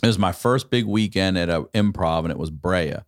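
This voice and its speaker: A man's voice: sits low, fairly quick, no echo, studio quality. A man in his forties, a podcast host, telling a long profane story in casual chat. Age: 40s. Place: podcast studio.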